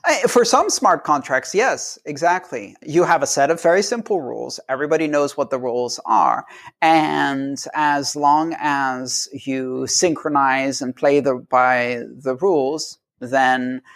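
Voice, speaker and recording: A man's voice: medium pitch, unhurried. A man interviewed as a guest, explaining ideas in simple terms and briefly acting out the voices of people he quotes. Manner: animated, acts out quoted people.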